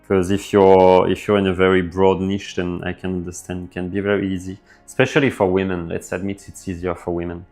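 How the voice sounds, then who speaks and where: Laid-back developer streamer, male, lowish voice, easygoing chat over faint music. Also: fairly quick, hardly any pauses. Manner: relaxed, thinks aloud with fillers, reads chat messages out. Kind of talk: casual live stream chat reading viewer comments.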